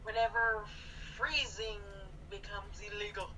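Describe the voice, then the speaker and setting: A woman talking politics in a casual live-stream chat, blunt and quick to cut in. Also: mid-range voice, bright, forceful tone, a little hiss or hum, low-quality recording.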